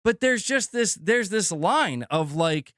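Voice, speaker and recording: A young adult man streaming about games, venting in a profane, animated way and acting out mock quotes of his critics. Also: sits high, slow pace, no room sound, clean studio sound. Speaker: gaming streamer. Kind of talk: casual livestream rant.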